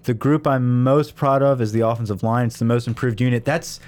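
A young man co-hosting a podcast, talking football in a relaxed, conversational way with frequent fillers. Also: mid-range voice, a little fast. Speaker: co-host. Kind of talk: casual sports podcast chat.

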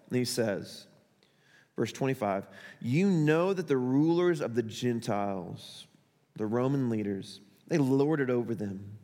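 A man's voice: medium pitch, a little mellow, big-room sound. A man preaching a conversational sermon, reading scripture and acting out its characters as he explains them. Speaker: pastor.

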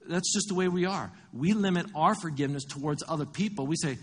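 Husky-voiced man preaching a sermon. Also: a little high, quick pace. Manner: conversational, walks through scripture and arithmetic. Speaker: pastor.

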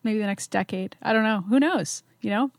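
A woman co-hosting a podcast in casual chat, self-deprecating and quick to laugh. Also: fairly high pitch, vocal fry, dry recording, studio quality. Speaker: podcast co-host.

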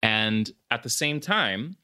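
A man's voice: mid-range voice, takes it slowly, clean tone, no room sound, studio quality. A man hosting a podcast, retelling a horror film words, swears and laughs mixed in. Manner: animated storyteller mixing in Spanish words, swears and laughs. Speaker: podcast host. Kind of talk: casual chat recapping a film.

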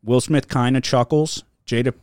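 A man's voice: mid-range voice, fairly even intonation, moderate pace, darkish tone, clean tone, no room sound, studio quality. A man hosting a podcast, telling rambling stories full of swearing and filler words in casual chat. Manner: rambling storytelling, heavy swearing, lots of filler. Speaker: podcast host.

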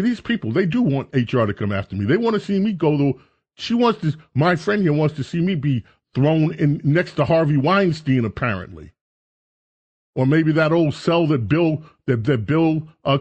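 A man's voice: a little high, big pitch swings, normal speed, highs cut off. A man hosting a talk radio show, rambling through a jokey, self-mocking monologue.

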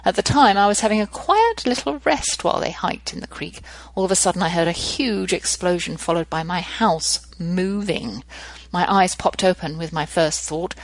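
A woman's voice: lowish voice, vocal fry, breathy edge, no echo, rough recording. A middle-aged woman, hosting a show and telling a family story with wry, dry humor. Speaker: podcast host. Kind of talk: storytelling monologue.

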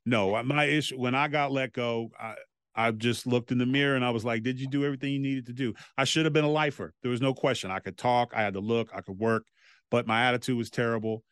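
A man, a former wrestler, telling stories as a podcast guest in a loose, animated way and swearing freely. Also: mid-range voice, fast, smooth, no echo, studio quality. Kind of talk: casual anecdotal storytelling.

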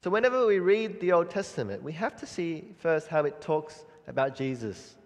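A man preaching a sermon in an earnest, measured way, pausing and restarting often. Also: on the high side, animated, darkish tone. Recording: long reverb of a hall.

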